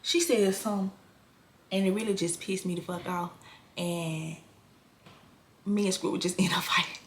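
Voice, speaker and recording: Young woman in a blunt, animated storytime vlog. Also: lowish voice, moderate pace, slight background noise. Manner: animated, blunt, swears freely, slangy. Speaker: hairstylist telling a story.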